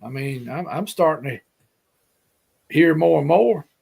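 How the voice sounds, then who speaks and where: Alabama-accented male guest, folksy rambling storyteller, voice on the higher side. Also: lively intonation, a little slow, vocal fry, a little mellow, slightly rough. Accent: Alabama Southern. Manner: folksy, rambling, repeats himself. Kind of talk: casual storytelling.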